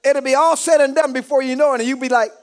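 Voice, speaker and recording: A man preaching a call-and-response sermon, shouting rising phrases and calling out to the congregation for amens. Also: very high-pitched, fairly even intonation, fast.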